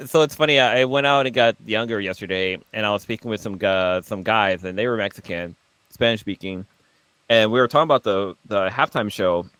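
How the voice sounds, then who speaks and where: A man's voice: fairly quick, clean tone, dry recording. A man co-hosting a podcast, telling stories in casual, profane chat. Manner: animated storyteller, swears freely, lively pitch. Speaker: podcast co-host.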